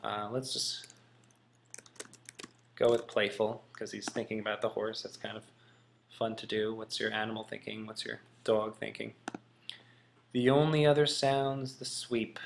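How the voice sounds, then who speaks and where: A man's voice: on the low side, level tone, unhurried, vocal fry, long pauses, slight background noise. A man teaching in a casual, musing way, thinking aloud with frequent ums. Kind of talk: casual classroom explanation.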